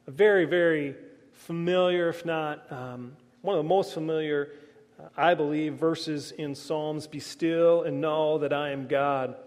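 Male pastor, higher voice, earnest sermon delivery, reverberant sanctuary sound. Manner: earnest preaching that swells then drops to a hush.

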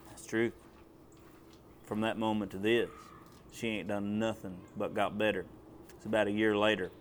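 A man's voice: on the low side, level tone, normal speed, a little hiss or hum. A man giving a testimony in a sermon, telling a story in a drawling, plain way. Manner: storytelling, drawling, rising to loud commands. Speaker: preacher.

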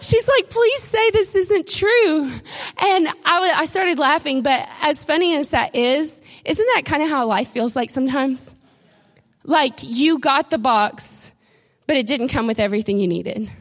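A middle-aged woman preaching a sermon, telling a lively, animated story. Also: sits high, normal speed. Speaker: pastor.

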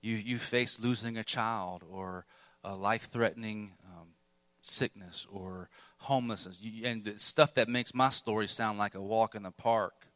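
A man's voice: on the low side, fairly even intonation, measured pace, a bit bright, no echo. A man preaching a sermon, telling his own struggles candidly with bursts of emphasis. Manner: candid, self-deprecating storytelling with bursts of emphasis.

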